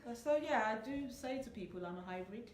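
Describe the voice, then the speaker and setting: A woman guest in a casual interview chat, giving brief, soft-spoken replies in a hotel room. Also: on the high side, animated, fairly quick, roomy sound, a little hiss or hum. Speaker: guest stylist.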